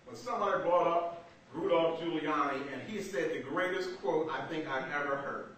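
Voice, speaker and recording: A young man doing stand-up comedy, telling stories in an animated, conversational way. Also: on the high side, normal speed. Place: small black box theater. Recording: echoey theater from far off, noisy.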